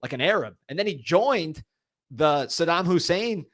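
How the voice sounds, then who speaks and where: A man's voice: a little high, lively intonation, moderate pace, a bit bright, no room sound, clean studio sound. A man in his thirties co-hosting a casual sports podcast, talking in a joking, rambling way and laughing often. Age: 30s or older. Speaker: podcast co-host.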